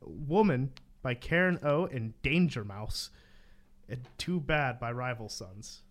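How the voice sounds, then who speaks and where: A young man co-hosting a casual podcast, talking lively and listing names quickly. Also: mid-range voice. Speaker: podcast co-host. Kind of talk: casual chat.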